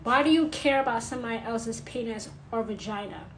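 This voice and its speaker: A woman's voice: fairly high pitch, animated, a little fast, a bit bright, slight background noise, poor audio. A woman vlogger giving an unscripted, blunt monologue, repeating her points for emphasis.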